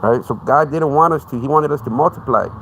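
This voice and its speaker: A man's voice: fairly high pitch, quick pace, a bit bright, slight background noise. A man with a Texan accent hosting a live podcast, talking in a rambling monologue that stumbles over repeated words and keeps saying "man.". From Texas. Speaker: podcast host.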